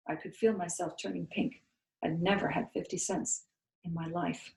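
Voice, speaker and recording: A woman, a school co-founder, reading a novel aloud with expressive, lively storytelling. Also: on the low side, moderate pace, creaky, roomy sound, rough recording. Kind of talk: storybook read-aloud narration.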